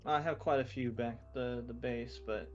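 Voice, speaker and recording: A man speaking in character in a roleplay game, calm and coldly determined. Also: medium pitch, normal speed, highs cut off, soft background music. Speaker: roleplay player.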